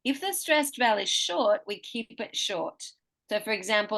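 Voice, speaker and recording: Bright-voiced woman coaching word stress. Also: mid-range voice, lively intonation. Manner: patient, models words slowly and clearly. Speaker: pronunciation teacher. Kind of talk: one-on-one pronunciation lesson.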